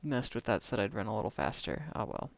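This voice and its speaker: A man's voice: fairly low pitch, sing-song, quick pace, vocal fry, no echo. A man streaming a game live, musing to himself in casual commentary and hunting for the right words.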